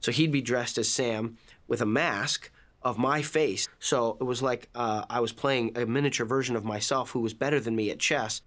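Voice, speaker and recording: A man's voice: mid-range voice, steady tone, normal speed, fairly bright tone. Playful man in casual chat. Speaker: actor interviewed.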